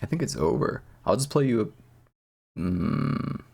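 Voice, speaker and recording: A man's voice: medium pitch, lively intonation, measured pace, gravelly, darkish tone, husky. A man streaming, chatting casually and profanely, rambling and laughing at himself.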